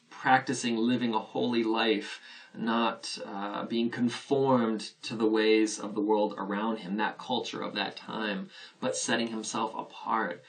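A man's voice: lowish voice, vocal fry, fairly bright tone, far from the mic, poor audio. A man preaching a sermon as a pastor, earnest and conversational, posing rhetorical questions to his listeners.

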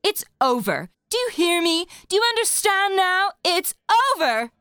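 A woman's voice: very high-pitched, very animated, measured pace, no echo, exaggerated voice. Actress doing a theatrical scheming woman, haughty, melodramatic, dry close sound. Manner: melodramatic, haughty, swings loud and soft. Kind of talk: stage play acting.

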